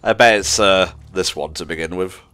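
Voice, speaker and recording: A man's voice: low-pitched, normal speed, pushed and bright, soft background music. A man playing a video game and commenting casually, with a dry, teasing sense of humor. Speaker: let's play gamer.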